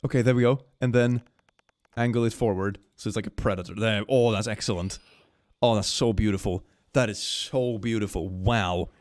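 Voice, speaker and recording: A man streaming a game, commenting casually and excitably, swinging between gushing and mumbling with frequent laughs. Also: on the low side, moderate pace, no room sound, studio quality.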